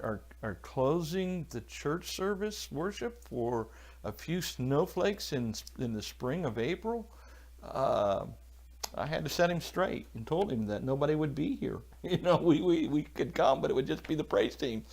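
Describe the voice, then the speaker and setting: Chatty pastor livestreaming alone. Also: male voice, mid-range voice. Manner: rambling, chatty, answers viewers by name. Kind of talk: casual livestream Bible talk reading chat. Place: church, alone.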